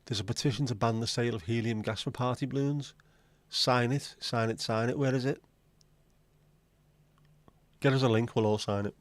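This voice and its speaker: A man's voice: medium pitch, fairly even intonation, moderate pace, pauses often, dry recording. Joking man, dry sound. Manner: rambling, joking banter addressed to viewers. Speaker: livestream host. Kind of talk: casual livestream chat.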